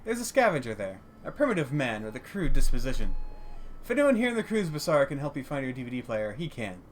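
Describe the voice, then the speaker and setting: A shrewd female dwarf shopkeeper, read by a man speaking in a formal, courteous way. Her pitch rises and falls freely. Light background noise sits under the voice. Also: very animated, quick pace, lightly acted.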